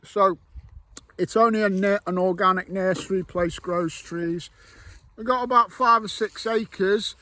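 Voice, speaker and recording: A middle-aged man with a notably high voice, rambling and joking as he talks to his viewers. He is recorded outdoors in open fields while he goes metal detecting. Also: steady tone, unhurried, sharp tone, no room sound, low-quality recording. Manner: jokey, rambling, addresses viewers. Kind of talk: casual chat to camera.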